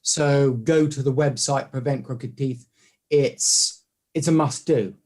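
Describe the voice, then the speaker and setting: A man being interviewed, telling stories in a lively conversational way and acting out what other people said. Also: medium pitch, slow. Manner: animated storytelling, acts out quoted voices. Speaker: guest, orthodontic clinician.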